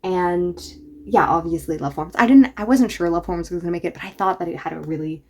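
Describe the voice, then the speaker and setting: Lady book vlogger gushing about novels, chatty and eager, slightly low voice. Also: fairly quick, darkish tone. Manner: enthusiastic, chatty. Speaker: book reviewer. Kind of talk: casual reaction vlog.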